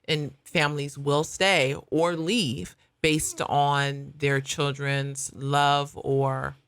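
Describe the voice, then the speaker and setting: A woman co-hosting a faith podcast, talking in a relaxed, agreeable way and laughing easily. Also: deep voice. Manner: conversational, quick to laugh, agreeable. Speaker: podcast co-host. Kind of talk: casual faith podcast chat.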